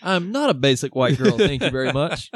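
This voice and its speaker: A man's voice: fairly high pitch, very animated, a little fast, dry recording. A man co-hosting a podcast, chatting casually, laughing often, swearing and acting out film lines. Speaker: podcast co-host. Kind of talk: casual chat.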